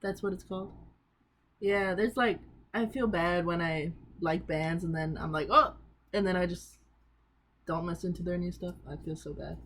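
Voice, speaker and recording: A woman's voice: on the low side, normal speed, fairly bright tone, slight background noise. A young woman vlogging in a casual, rambling way, poking fun at herself and laughing often as she shows off her collection. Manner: chatty, rambling, self-mocking, laughs often. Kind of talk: casual chat showing off a collection.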